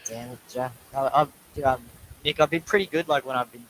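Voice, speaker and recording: A man's voice: mid-range voice, fairly quick, slight background noise, rough recording. Chatty Australian man on a video call. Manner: lively, joking, says mate a lot. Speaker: guest viewer. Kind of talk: casual live-stream chat.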